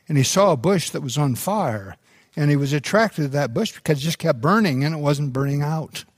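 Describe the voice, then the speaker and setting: A middle-aged man, a pastor preaching a sermon, telling stories in an unhurried way with some restarts. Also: fairly high pitch, lively intonation, dry recording, studio quality. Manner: unhurried storytelling delivery with restarts.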